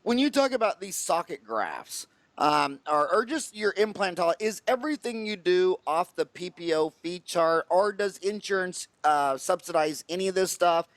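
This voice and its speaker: A man hosting a dental podcast, a dentist himself, asking blunt, quick questions and cutting in. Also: high-pitched, lively intonation, dry recording. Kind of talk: podcast interview.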